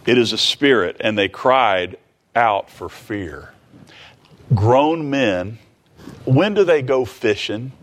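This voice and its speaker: Conversational male preacher, restless delivery. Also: mid-range voice. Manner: conversational, animated, quick asides and restarts. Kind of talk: sermon.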